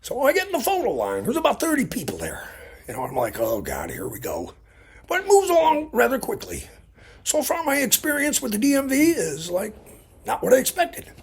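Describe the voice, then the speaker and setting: A man's voice: extremely high pitch, wildly swooping pitch, a little fast, creaky, breathy edge. A man casually telling a rambling, chatty story with lots of asides in a vlog. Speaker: vlogger. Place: Illinois.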